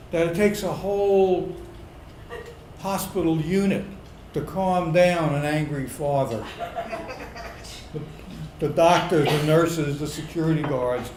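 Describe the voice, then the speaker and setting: A middle-aged man with a fairly high voice tells a funny true story live, unhurried and drawn out, then swells into loud indignant bursts. His voice carries the echo of a roomy pub, with a faint hum of the crowd's ambience behind it. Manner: comic, builds to loud indignant outbursts. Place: pub stage before a live audience.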